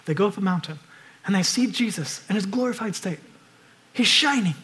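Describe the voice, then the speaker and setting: High-voiced preacher, urgent and animated. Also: male voice, a little fast. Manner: swings between loud urgent exhortation and hushed reflection. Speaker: pastor. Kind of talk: sermon.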